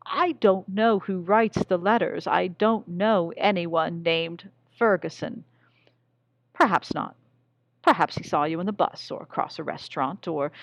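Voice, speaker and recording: A young woman reading a short story aloud in a measured, even way, keeping the dialogue quiet. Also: low voice, creaky, no echo. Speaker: reader.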